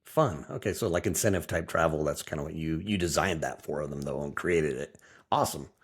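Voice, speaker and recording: Deep, husky-voiced podcast host. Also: male voice, fairly quick. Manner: enthusiastic, encouraging interviewer with short affirmations. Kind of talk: casual interview chat.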